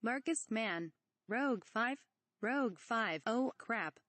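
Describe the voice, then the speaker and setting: A woman's voice: on the high side, animated, slow pace, fairly bright tone, dry recording, heavily acted. Woman reading cocky young squadron leader, swearing, dry close sound.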